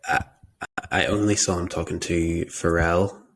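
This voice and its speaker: A man co-hosting a podcast in casual chat, hesitant and searching for words, with a gravelly voice. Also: low voice, little pitch movement, unhurried, a bit bright, a little hiss or hum. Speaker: podcast co-host.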